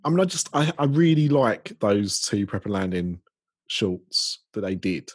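Husky low-voiced British man chatting. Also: big pitch swings, unhurried, no echo. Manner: chatty, rambling with many ums and restarts. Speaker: podcast host. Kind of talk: casual podcast chat.

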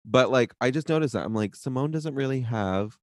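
A man's voice: mid-range voice, animated, fairly quick, no room sound, studio quality. A man co-hosting a podcast, chatting in a gossipy way and laughing often. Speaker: podcast co-host. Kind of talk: casual chat.

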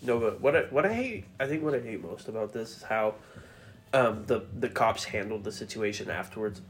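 A man's voice: on the low side, lively intonation, fairly quick. A man co-hosting a podcast, making his points earnestly in casual slangy talk. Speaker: podcast co-host. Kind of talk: casual chat.

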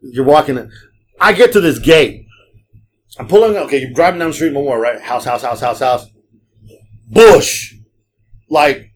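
This man's medium-pitched voice is animated yet a little slow, with long pauses. He hosts a podcast and drives rideshare, and in casual chat he tells long profane stories that ramble, acting out the people he quotes.

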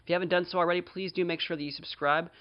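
A man's voice: high-pitched, steady tone, clean tone, lo-fi sound. A man hosting a podcast in a small studio, joking at his own expense as he chats. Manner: jokey, self-deprecating, fast promo patter. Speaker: podcast host. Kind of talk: casual podcast chat.

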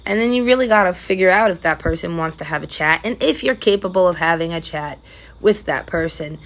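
A young adult woman hosting a podcast, telling candid, profane stories in a casual monologue and often breaking into loud laughter. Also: fairly low pitch, expressive, a little fast. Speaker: podcast host.

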